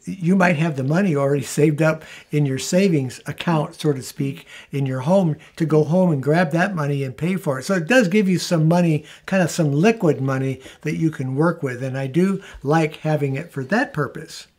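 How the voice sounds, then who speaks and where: A man's voice: a little high, normal speed, few pauses, a little mellow. A middle-aged man co-hosting a casual chat, talking in an easygoing, rambling way with frequent restarts. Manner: rambling, self-correcting, easygoing. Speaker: co-host of a frugal living channel.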